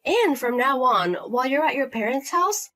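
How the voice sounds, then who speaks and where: A woman's voice: high voice, very animated, moderate pace, faint music behind. A woman voicing a fed-up young wife who answers bluntly and sharply. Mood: firm. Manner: sharp, blunt, repeating herself. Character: fed-up young wife standing her ground.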